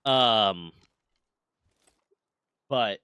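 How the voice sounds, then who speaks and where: A man's voice: fairly low pitch, extremely slow, clear, resonant tone, no room sound. A man in his twenties chatting casually on a game stream, telling stories with lots of swearing and acted-out quotes. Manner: animated storyteller, swears often, acts out quotes. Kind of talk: casual chat while gaming.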